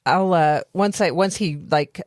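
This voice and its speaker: A woman playing a tabletop game, thinking aloud about her character's actions in a casual, halting way. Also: on the low side, darkish tone, no room sound, clean studio sound. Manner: thinks aloud, many fillers and restarts. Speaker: player.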